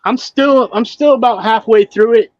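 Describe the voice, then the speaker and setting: Middle-aged male panelist, high-ish, earnest, hesitant, dry lo-fi recording. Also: moderate pace, a little mellow, no room sound. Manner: earnest, hesitant with fillers and restarts. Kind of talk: casual panel chat.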